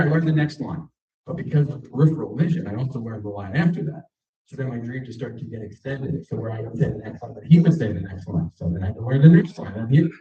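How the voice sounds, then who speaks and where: A man doing stand-up, telling a story in a rambling, chatty, self-mocking way with lots of fillers, on a small stage before a live audience. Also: mid-range voice. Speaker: stand-up comedian. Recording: echoey room, distant mic, dull sound.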